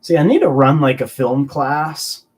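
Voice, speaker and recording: A man's voice: a little high, expressive, a little slow, a little mellow, rough recording. A young man from the American South hosts a loose live stream, answering viewers in an easygoing, rambling way. His talk is casual and peppered with swearing. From Southern United States. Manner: laid-back and rambling, swears freely. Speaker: collectibles channel host.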